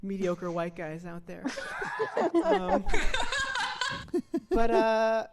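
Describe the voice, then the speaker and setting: A woman's voice: medium pitch, sing-song, drawn-out words, a loud crowd. Giggly young woman doing stand-up. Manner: giggly, self-mocking, laughs through lines. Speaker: stand-up comedian. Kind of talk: stand-up set over video call. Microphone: video call.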